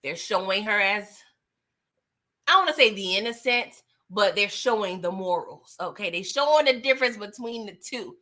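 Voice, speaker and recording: A woman giving a casual recap of a TV episode, animated and chatty, talking straight to her viewers. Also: medium pitch, normal speed. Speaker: TV recap vlogger.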